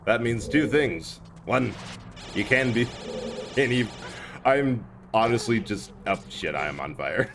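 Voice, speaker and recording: Slow-talking, laughing male streamer. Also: medium pitch, expressive, noisy background. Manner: chatty, laughs often, talks to chat by name; putting on a cobbled-together Scottish accent. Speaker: live streamer. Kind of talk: casual gameplay stream chat. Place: hot room at home. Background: game music.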